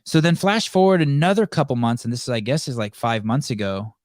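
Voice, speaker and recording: A man hosts a podcast in loose, casual chat, swearing freely as he tells a story. He acts out each side of the conversation. His voice sits in a middle pitch, recorded close and dry. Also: expressive, a little fast, no echo. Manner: profane, acts out quoted dialogue. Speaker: podcast host.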